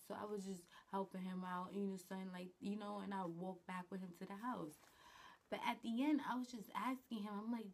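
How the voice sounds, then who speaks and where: A woman's voice: medium pitch, normal speed. A woman vlogger telling a personal story in a casual, blunt, slangy way, swearing often. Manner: blunt, slangy, swears a lot, animated retelling.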